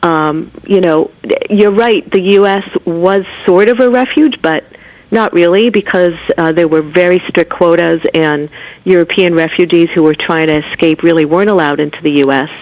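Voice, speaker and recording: Soft-spoken woman on a dry phone line. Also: on the low side, normal speed, dry recording. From United States. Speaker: guest author, physician. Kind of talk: phone interview.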